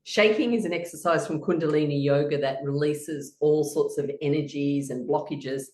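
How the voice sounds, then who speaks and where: A woman's voice: sits low, moderate pace, darkish tone, reverberant. A woman leading a guided laughter exercise, chanting rhythmic laughing sounds and giggling between her instructions. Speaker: laughter session leader.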